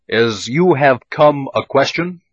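A man giving measured, scripted instructions and questions for a language drill. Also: mid-range voice, expressive, breathy edge, no room sound. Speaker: lesson prompter. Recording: dull lo-fi old tape recording.

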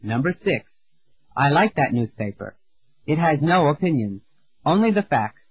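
A man with a slightly high, husky voice teaches an English lesson in a measured, deliberate way. He reads out words and sentences slowly and clearly for learners to repeat. The sound is dry and a little dull, like an old lo-fi lesson tape. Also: big pitch swings, no echo. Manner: slow, clear, deliberate drilling with pauses. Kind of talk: scripted language lesson narration.

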